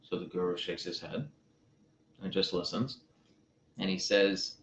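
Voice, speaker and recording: A man who is a relationship coach, telling a parable and giving advice in a deliberate way, with pauses and repeated phrases. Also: deep voice, level tone, a little hiss or hum. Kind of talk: storytelling advice talk. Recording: roomy, slightly dull sound.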